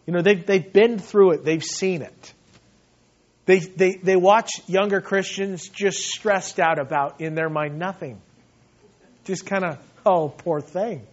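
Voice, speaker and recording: A male pastor preaching a sermon in an animated way, often laughing and acting out short voices. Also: sits high, unhurried, lo-fi sound.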